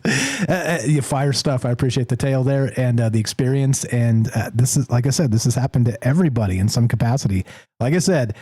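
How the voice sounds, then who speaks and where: Animated talk radio host, dark voice. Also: male voice, mid-range voice, dry recording. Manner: animated, quick, laughing asides. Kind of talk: call-in radio show.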